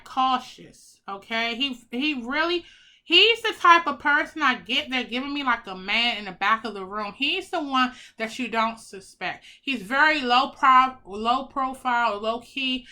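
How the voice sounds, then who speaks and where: A tarot reader with a voice on the high side does a casual reading for her viewers. Chatty and excitable, she addresses them as y'all and swears now and then.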